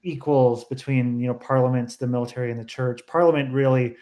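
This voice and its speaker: A man's voice: medium pitch, steady tone, fast, dark tone. A man speaking as a guest author in a casual book club discussion over a video call, thoughtful and rambling with many restarts.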